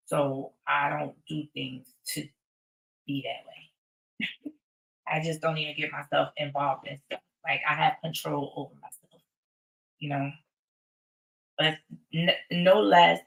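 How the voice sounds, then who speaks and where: A woman's voice: low voice, creaky, fairly bright tone, reverberant. A woman chatting on a casual livestream, rambling and swearing freely as she talks straight to her viewers. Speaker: livestream host. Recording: voice a bit distant from the mic.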